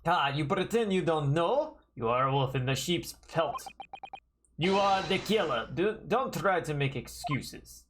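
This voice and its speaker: Over game music, a man plays a gruff Russian sailor grilling a stowaway, using a fake Russian accent and stiff, broken phrasing. His voice runs fairly high and animated yet a little slow, the mood is menacing, and the background is noisy.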